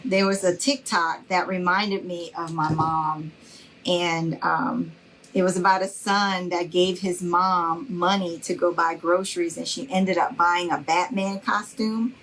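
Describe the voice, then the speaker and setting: A woman's voice: on the low side, fairly bright tone, a little hiss or hum, rough recording. A middle-aged woman hosting a craft livestream, chatting casually and folksily with her viewers and calling them y'all. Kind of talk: casual chat with live viewers.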